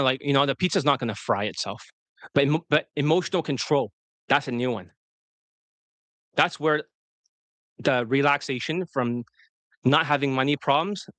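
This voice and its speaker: A man talking fast and rambling as a dating coach on a livestream, often breaking off mid-sentence. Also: on the high side, fairly bright tone, no echo. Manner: fast, rambling, self-interrupting.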